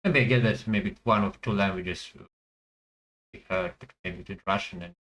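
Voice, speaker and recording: A man thinking aloud as he plays a language guessing game, hesitant and full of pauses and fillers. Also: deep voice, fairly bright tone, poor audio. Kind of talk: thinking aloud while playing.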